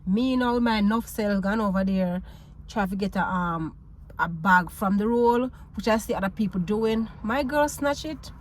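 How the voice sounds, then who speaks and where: A Jamaican woman vlogging, telling a story in a casual, animated way, laughing often and mixing patois with English. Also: mid-range voice, normal speed.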